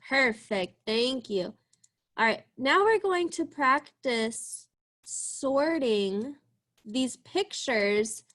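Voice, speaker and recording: A young woman leads an early reading lesson over a video call, her voice pitched a little high. She speaks slowly and stretches out each sound, praising the children as she goes. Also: a bit bright. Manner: slow, encouraging, drawn-out sounds. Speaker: teacher. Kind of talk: online class lesson.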